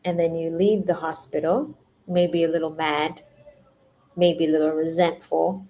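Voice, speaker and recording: A woman's voice: deep voice, fairly even intonation, a little slow, warm tone. A young woman giving a casual spiritual talk to her viewers, laughing often, repeating herself and acting out little quoted voices. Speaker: spiritual energy reader.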